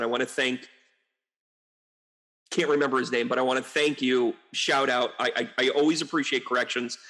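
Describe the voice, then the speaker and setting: A man, a psychic medium, rambling through casual commentary full of asides and exasperated outbursts. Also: medium pitch. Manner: rambling and animated, with frequent asides and mocking quotes. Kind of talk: casual political commentary monologue.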